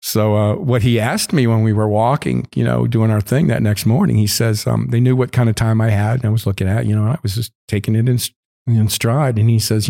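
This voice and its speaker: A man's voice: on the low side, fairly even intonation, fairly quick, vocal fry, warm tone. A man casually telling a long story, candid and full of swearing. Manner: profane, candid and rambling.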